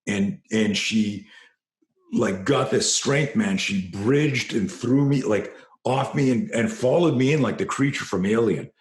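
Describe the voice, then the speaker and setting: A middle-aged man, a self-defense trainer, telling a story in an interview and growing animated as it builds. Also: unhurried, echoey room. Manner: animated storyteller, rising in pitch and force when excited.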